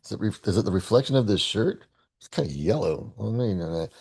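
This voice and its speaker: A man's voice: on the low side, lively intonation, brisk, gravelly, a little mellow, breathy edge. A man in his sixties hosting his own video while playing a daily guessing game, chatting playfully and rambling to himself. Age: 60s. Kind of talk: casual solo commentary.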